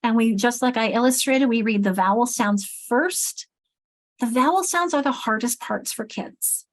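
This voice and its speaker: A woman's voice: a little high, moderate pace. A middle-aged woman leading a teacher training session, thinking aloud and correcting herself as she writes on the board. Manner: thinks aloud while writing, self-correcting. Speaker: literacy trainer.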